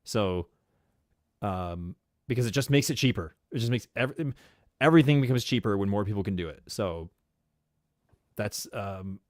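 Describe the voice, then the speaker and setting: A man's voice: lowish voice, moderate pace, long pauses, no echo, clean studio sound. Chatty, laughing man with a New York accent. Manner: laughs often, excitable and rambling. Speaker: podcast co-host. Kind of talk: casual live-stream chat.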